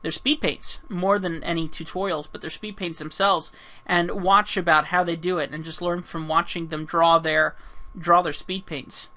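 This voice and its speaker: A man's voice: a little high, flat delivery, normal speed, sharp tone. A man answering fan questions while he draws, rambling with many ums and restarts, and losing his voice. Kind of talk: casual talk while drawing.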